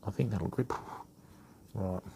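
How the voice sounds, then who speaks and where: This fishing channel host, a middle-aged man from Western Australia, speaks with an Australian accent in a lowish, husky, creaky voice with a dark tone. He takes things slowly. During a live-stream reel maintenance demo, he keeps it casual and matey, talking to his viewers while servicing the reels.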